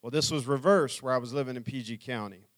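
A man's voice: mid-range voice, fast. A middle-aged man telling his life story to an audience as a speaker, earnestly acting out what people said. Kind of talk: personal testimony talk.

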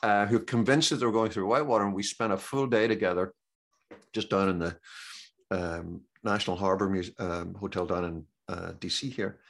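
A middle-aged man hosting a conversational interview as a business coach, rambling and halting with many fillers and restarts. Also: low-pitched, fairly even intonation, vocal fry. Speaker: podcast host and business coach.

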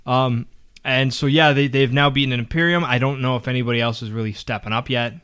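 A man in a relaxed chat show, walking through wrestling events in order. His voice sits in the middle range with a bright edge, and he often pauses with "um" or restarts a word. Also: mid-range voice, clear, resonant tone. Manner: steady storyteller, restarts often with "um". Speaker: podcast co-host. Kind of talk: casual wrestling recap chat.

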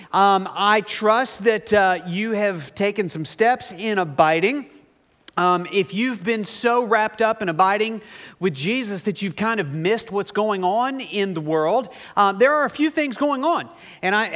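High-voiced male pastor preaching. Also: fairly bright tone. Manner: conversational preaching with fillers and humor; slows down to read scripture. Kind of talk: sermon.

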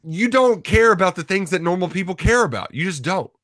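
A man's voice: high voice, expressive, fairly quick, a bit bright, no room sound, studio quality. A man co-hosting sports radio, talking casually with lots of fillers. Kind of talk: sports radio talk and live ad read.

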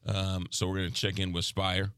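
Low, dry-voiced New York radio host. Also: male voice, completely flat delivery, a bit bright, clear, resonant tone, no echo. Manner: halting, lots of ums and uhs. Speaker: radio morning show host. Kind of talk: casual on-air chat.

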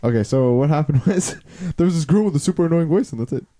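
A man's voice: fairly high pitch, lively intonation, fast talker, dark tone. A young man co-hosting a casual comedy podcast, rambling through a story with frequent restarts and laughs. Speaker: podcast co-host.

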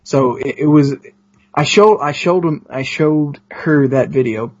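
A man guest on a podcast, telling a story in casual chat, excited, with many restarts. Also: fairly high pitch, unhurried, husky. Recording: dull lo-fi sound.

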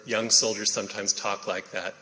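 Man, host, halting delivery, bright tone, reverberant hall. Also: lowish voice, little pitch movement. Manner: halting, many ums and uhs. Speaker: host introducing a reading. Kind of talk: casual spoken introduction.

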